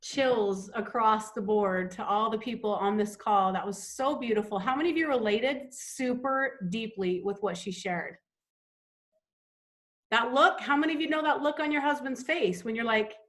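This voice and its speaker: A woman's voice: a little high, normal speed, a bit bright. A woman hosting a sales team call, talking in an enthusiastic, gushing, motivational way.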